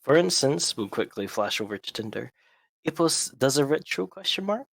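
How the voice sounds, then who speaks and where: A man's voice: mid-range voice, sing-song, normal speed, gravelly, a bit bright, dry recording. A man leads a tabletop game as its game master, chatting casually between sessions of play. His humor is wry and dry, and his voice sounds close and dry with no room around it.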